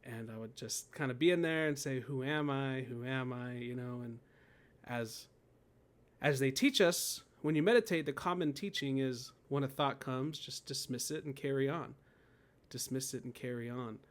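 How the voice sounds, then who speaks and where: A man in his thirties, talking through a personal story in a relaxed interview. His voice sits mid-range and he keeps his delivery loose and conversational, breaking into laughter and acting out his own thoughts. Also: medium pitch, moderate pace. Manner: laughs often, animated storytelling with quoted inner voices. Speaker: guest, poet and death doula.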